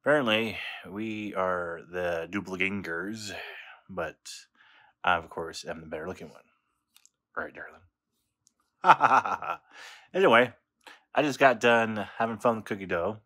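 A man recording a playful, teasing birthday message, pausing with fillers. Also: low-pitched, animated, sharp tone.

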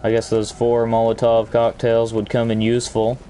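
A gaming channel host gives crude, joking gameplay commentary while playing a video game, now and then erupting into mock-outraged rants. His medium-pitched voice is monotone and warm, at a normal speed, with a little hiss or hum in the background.

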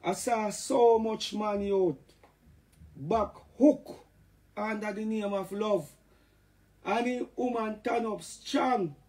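A Jamaican man chatting loosely on a live stream, his voice sitting high for a man. He rambles and jumps between topics, now and then bursting into loud catchphrases. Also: slow pace. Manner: rambling, playful, shouts catchphrases. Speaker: dancehall artist talking to fans. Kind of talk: casual live-stream chat.

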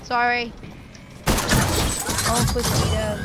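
A woman hosting her gaming channel, giving gameplay commentary with excitable bursts of shouted taunts. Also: medium pitch, takes it slowly, very noisy. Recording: loud game music over the voice. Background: loud game music and explosions.

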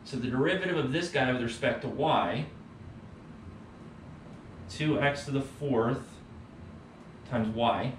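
A man teaching economics math in a casual, relaxed way, checking in with "right?" as he goes. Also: mid-range voice, slow pace, long pauses. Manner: relaxed, tags points with "right?". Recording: roomy, distant mic, faint background hum.

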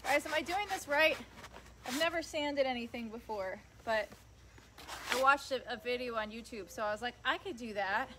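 A woman's voice: a little high, moderate pace. Young woman, casual livestream host, chatty and talking straight to viewers, outdoors with heavy sanding noise. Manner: chatty, talks to viewers and reads their comments. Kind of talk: casual live chat while working. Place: outdoors on grass. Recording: loud sanding noise in background.

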